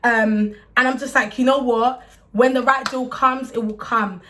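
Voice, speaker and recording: A young woman talks openly to the camera in a casual, rambling way. She often restarts her sentences and fills gaps with small words. Her voice sits a little high. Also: fairly even intonation, sharp tone. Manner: fast, rambling, with many restarts and fillers. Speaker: music artist talking to camera. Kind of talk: candid casual talk to camera. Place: indoors, warm room.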